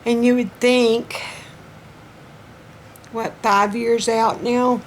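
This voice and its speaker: Slow-talking Southern woman, folksy and chatty. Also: a little high, little pitch movement, a little hiss or hum. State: throat strained. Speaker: vlogger. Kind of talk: casual personal update vlog.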